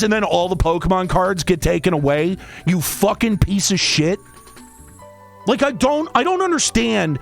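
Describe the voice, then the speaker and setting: A man in the middle of a heated, profane rant. His voice sits high for a man and leaps all over the place as he vents. Faint music plays underneath him. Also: big pitch swings, measured pace, vocal fry. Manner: exasperated, profane, sarcastic. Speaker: streamer and podcast host. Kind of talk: angry rant.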